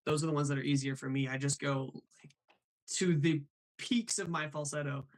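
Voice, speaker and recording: A man's voice: on the high side, fairly even intonation, normal speed, low-quality recording. A man hosting a live show, chatting about voice impressions in a bubbly way, laughing often and reading out viewer comments. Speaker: host.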